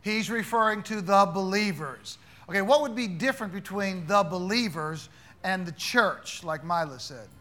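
A man with a high, ringing voice leads a Bible class, firing questions at the room. His tone is bright and forceful, and he teases wrong answers with playful mock-gravity. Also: moderate pace. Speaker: Bible study teacher.

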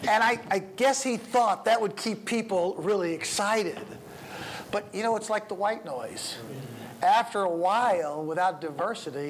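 A middle-aged pastor with a high voice leads a preaching workshop at an unhurried pace, shifting his speed and volume to demonstrate and chuckling now and then. A little hiss or hum is audible.

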